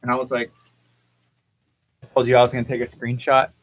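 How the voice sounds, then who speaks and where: A man's voice: mid-range voice, monotone, a little fast, dry recording, rough recording. A man hosting a morning radio show, chatting and joking easily in the studio. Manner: easygoing, joking. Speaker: radio host. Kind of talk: casual studio banter.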